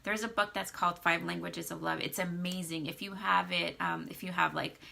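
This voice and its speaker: A young woman talks straight to camera about marriage in a casual, chatty way, full of fillers and acted-out quotes. Her voice sits a bit low, with a bright edge and a gravelly fry. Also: steady tone, fairly quick. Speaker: vlogger giving marriage advice. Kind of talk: casual advice talk to camera.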